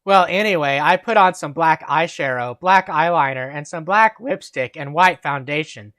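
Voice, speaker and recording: Deadpan man reading aloud, dry mic. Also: a little high, normal speed, dry recording. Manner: deadpan reading, breaking into laughs. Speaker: host. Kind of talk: comedic reading of fanfiction aloud.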